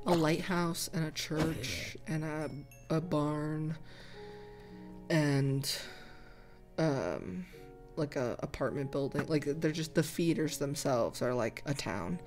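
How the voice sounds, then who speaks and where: A woman's voice: low voice, lively intonation, slow, faint music behind. A young woman chatting casually and rambling as she answers viewer comments, laughing often. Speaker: gaming channel host.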